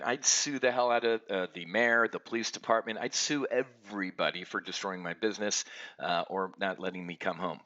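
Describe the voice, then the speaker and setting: A man's voice: mid-range voice, pushed and bright, lo-fi sound. A man hosting a trading show, ranting angrily with many restarts and stammers, from his home office. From United States. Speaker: options trading show host. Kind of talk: ranting market commentary.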